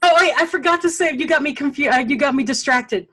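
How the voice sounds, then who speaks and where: A woman's voice: high-pitched, quick pace. Blunt, laughing middle-aged woman host. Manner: blunt, animated, laughs often. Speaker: podcast host and coach. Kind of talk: casual chat.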